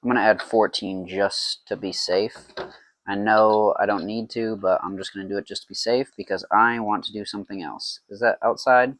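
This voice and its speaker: A man's voice: on the low side, steady tone, moderate pace, a bit bright, no room sound. A man talking to himself in a playful, rambling way while making mead at home, in a casual brewing vlog. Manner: rambling, playful self-talk.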